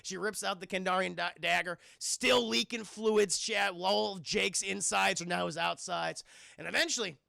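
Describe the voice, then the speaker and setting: Gravelly, excitable male streamer. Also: high-pitched, normal speed, dry recording, studio quality. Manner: excitable and profane, keeps addressing the chat. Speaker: film reviewer and streamer. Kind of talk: casual scene-by-scene film recap to a live chat.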